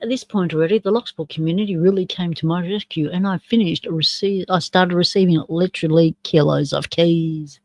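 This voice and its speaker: Aussie woman hosting a live stream, mellow voice, chatting to herself as she clicks through stuff, dry close sound. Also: fairly low pitch, a little fast, few pauses, no room sound, rough recording. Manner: chatty, talks to herself while running the stream software; reads along with and comments on a video. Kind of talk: casual live-stream chat.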